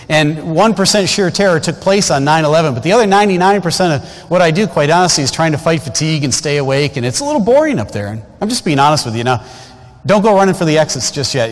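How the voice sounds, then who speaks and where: Folksy preacher in a reverberant church. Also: male voice, a little high. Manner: folksy, conversational, addresses the congregation with asides. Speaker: guest preacher. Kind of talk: storytelling sermon. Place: large church sanctuary. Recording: long church hall reverb.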